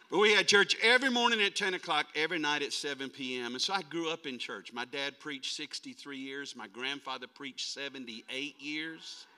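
A man in his sixties from North Dakota, a traveling preacher giving a folksy, animated sermon and calling on the congregation to answer back. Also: mid-range voice, clean tone. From North Dakota, USA. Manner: folksy, animated, calls on the crowd to respond.

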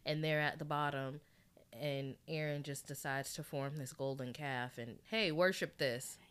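A woman's voice: low voice, steady tone, measured pace, fairly bright tone, clear, resonant tone. A woman in a casual Bible study discussion, talking animatedly and acting out imagined quotes.

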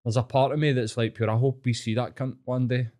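A young man with a Glaswegian Scottish accent tells stories in casual chat, swearing heavily and narrating with lots of animation. His voice is mid-range and a little fast.

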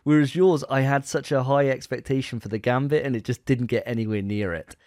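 A young man co-hosts a casual podcast, teasing his friends and tripping over his words as he judges them. His medium-pitched voice is darkish and fairly quick, with fairly even intonation. The studio-quality recording is dry.

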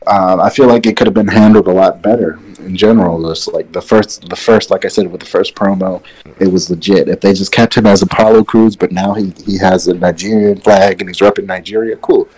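A man's voice: sits low, steady tone, fairly quick, a little mellow, breathy edge. A man co-hosting a casual wrestling chat podcast, rambling and opinionated, speaking from a distance away from his microphone. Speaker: podcast co-host. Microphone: far from his mic.

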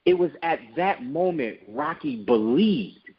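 Husky man telling a motivational story. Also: on the high side, expressive, measured pace, dull audio. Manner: storytelling, emphatic and preachy. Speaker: guest, business owner. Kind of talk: motivational interview talk.

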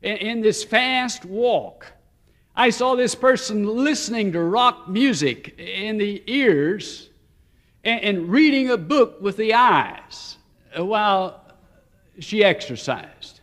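High-pitched guy preaching, tells stories, slows way down on the big points. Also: animated, fairly bright tone. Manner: story-telling, shifts between slow emphasis and quick asides. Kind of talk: sermon.

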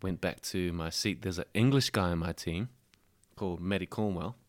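Young kiwi guy, deep-ish voice, chill storyteller, says bro every other line. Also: moderate pace. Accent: New Zealand. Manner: laid-back storyteller, says bro constantly. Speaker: podcast guest. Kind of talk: casual chat.

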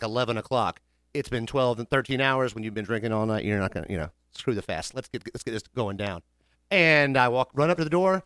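Animated man telling a story. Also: mid-range voice, no room sound, studio quality. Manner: animated, acts out voices of people in the story. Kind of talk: casual storytelling chat.

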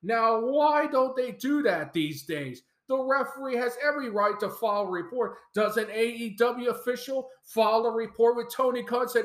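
A man's voice: very high voice, moderate pace, hardly any pauses, echoey room. A man hosting a podcast, reading a rules memo aloud and adding emphatic opinion commentary. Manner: emphatic, mock-shouting quoted wrestlers. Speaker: podcast host.

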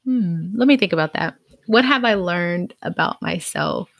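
A young adult woman co-hosting a podcast in casual chat, reflective and soft-spoken, pausing to gather her thoughts. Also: fairly low pitch, lively intonation, vocal fry, no room sound, studio quality. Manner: reflective and soft-spoken, pauses to think, gentle laughs. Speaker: podcast co-host.

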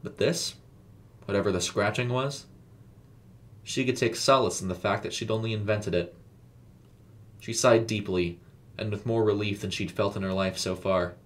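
A man narrating a scripted horror story in a measured, suspenseful way. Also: on the low side.

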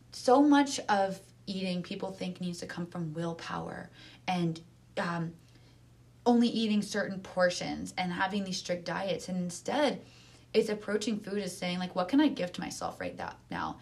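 Earnest woman talking in casual conversation. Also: on the low side. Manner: earnest, animated, many fillers.

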